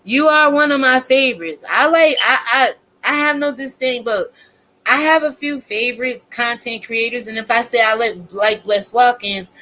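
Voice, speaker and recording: A woman's voice: a little high, normal speed, pushed and bright, low-quality recording. A woman content creator ranting casually to her viewers, blunt, profane and preachy.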